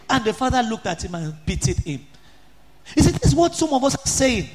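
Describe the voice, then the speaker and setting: A man preaching an impassioned sermon, often rising to shouts and sing-song chanting. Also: very high-pitched, sing-song, fairly quick, a little hiss or hum.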